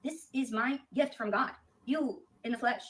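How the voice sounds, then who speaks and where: A woman's voice: on the high side, normal speed, a bit bright, low-quality recording. A woman vlogger talking in a gushing, rambling, spiritual way about her partner. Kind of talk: earnest confessional vlog talk.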